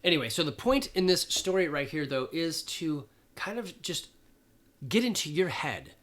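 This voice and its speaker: A man's voice: on the high side, big pitch swings, normal speed, a bit bright. Man, fifties, fitness coach, plain-spoken, rambling, earnest. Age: 50s. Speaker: gym owner and coach. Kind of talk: casual talk to camera.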